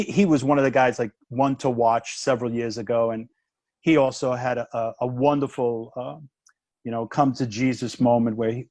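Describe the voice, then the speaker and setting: A man in his fifties, a comedian turned minister, telling a story in a casual chat with quick restarts and acted-out dialogue. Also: mid-range voice, darkish tone, dry recording.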